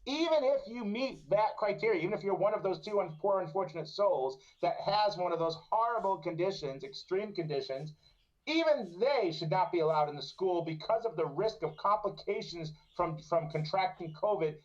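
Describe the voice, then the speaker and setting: A high-pitched man rants with indignant emphasis on a live stream. The sound is dull and lo-fi, like a muffled call. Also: animated, moderate pace. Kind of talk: heated live-stream talk. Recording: dull lo-fi audio.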